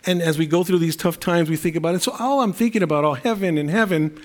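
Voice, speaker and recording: A man's voice: fairly high pitch, quick pace. A middle-aged male pastor preaching a sermon in an earnest, conversational way, with fillers and repeated phrases.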